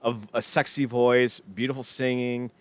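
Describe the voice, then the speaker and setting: A man's voice: mid-range voice, flat delivery, a little slow. A man co-hosting a wrestling podcast, casual chat, opinionated, rambling and jokey. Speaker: podcast co-host.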